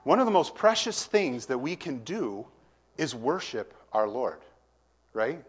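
A man's voice: mid-range voice, very animated, unhurried, breathy edge. A male preacher working through a passage verse by verse. He talks with his congregation in a casual way and puts questions to them. When he reads scripture aloud, his emphasis builds. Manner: conversational, asks the congregation questions. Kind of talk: verse-by-verse sermon.

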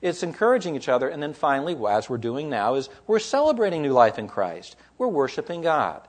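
A man's voice: on the high side, big pitch swings, brisk. A man, a pastor preaching a sermon, explaining scripture in an emphatic, teaching way.

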